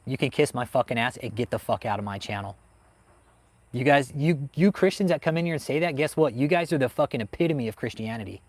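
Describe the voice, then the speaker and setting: A man's voice: medium pitch, animated, a little fast, no echo. A man hosting a livestream, ranting heatedly and swearing constantly as he answers chat. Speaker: host of a livestream on cults. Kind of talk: profane livestream rant, reading chat.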